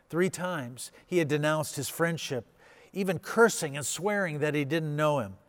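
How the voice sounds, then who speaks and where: A male pastor preaching a sermon, retelling the story and acting out the quoted dialogue with big swings in pitch and loudness.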